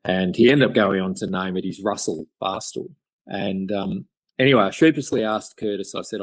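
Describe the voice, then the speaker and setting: A man's voice: low-pitched, normal speed, dry recording. A middle-aged Australian man telling stories in a podcast interview, rambling with many fillers and restarts. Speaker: guest chairmaker.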